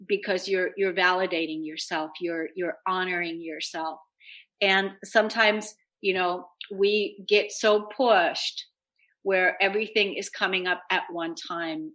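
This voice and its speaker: Bright-voiced woman radio host. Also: on the low side, fairly even intonation, measured pace, low-quality recording. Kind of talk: casual self-help radio talk.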